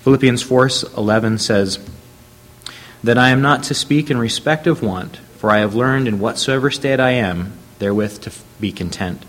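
A man preaching a sermon, telling a Bible story at a measured pace and reading scripture aloud. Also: medium pitch.

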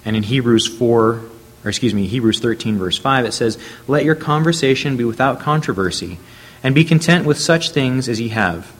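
A man preaching a sermon, telling a Bible story at a measured pace and reading scripture aloud. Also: mid-range voice, expressive.

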